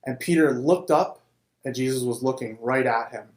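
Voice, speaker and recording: A man's voice: mid-range voice, normal speed. A man telling a Bible story in a casual, conversational way, with occasional restarts. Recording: roomy echo.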